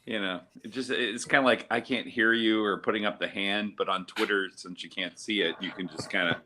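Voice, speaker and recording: Chatty panel guy, lowish voice but bright and sharp. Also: steady tone, fairly quick, a little hiss or hum, poor audio. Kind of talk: casual chat.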